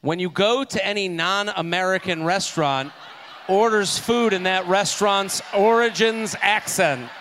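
A man's voice: high voice, a bit bright, a little hiss or hum. A man co-hosting a podcast live on stage, riffing jokes with the crowd. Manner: joking, riffing quickly with a crowd. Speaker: podcast co-host. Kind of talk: comedic live podcast banter. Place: on stage in a theater.

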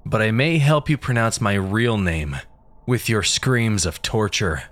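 A man voicing a cruel, skeletal, flesh-eating male demon with a booming, growling voice, speaking slowly and menacingly. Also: expressive, fairly bright tone, dry recording.

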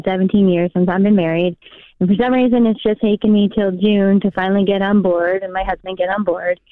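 A woman's voice: medium pitch, no room sound. A woman in her thirties calling an advice show, hesitant and asking for encouragement. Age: 30s. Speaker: caller. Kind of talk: phone call to an advice show. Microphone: telephone. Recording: thin phone line.

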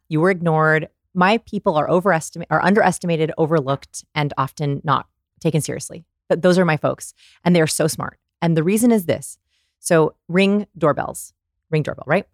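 A woman guest on a podcast, explaining research in an animated, storytelling way and acting out examples. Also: deep voice, dry recording, studio quality. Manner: animated storyteller, demonstrates voices. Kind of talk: conversational explaining.

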